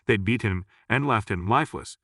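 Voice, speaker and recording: Steady woman hunter telling what she saw read by a man, low and dry. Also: moderate pace, creaky, no room sound. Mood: earnest. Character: brave woman hunter, plainspoken witness.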